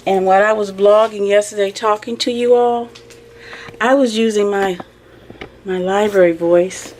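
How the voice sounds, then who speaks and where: A woman's voice: medium pitch, steady tone, normal speed, a little mellow, slight background noise. A school librarian, chatting casually and rambling as she vlogs into a handheld phone camera. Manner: rambling, chatty, self-interrupting. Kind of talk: casual vlog chat.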